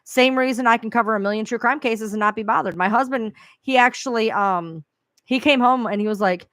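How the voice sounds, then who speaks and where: A woman's voice: fairly high pitch, fairly quick, fairly bright tone, dry recording, clean studio sound. A woman who covers true crime, talking bluntly and with profanity in a casual chat.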